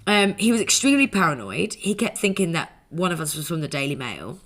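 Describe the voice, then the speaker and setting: Bright, lively woman telling a story. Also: sits low, a little fast. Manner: chatty, swears freely, tells anecdotes with quoted voices. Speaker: podcast co-host. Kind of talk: casual storytelling chat.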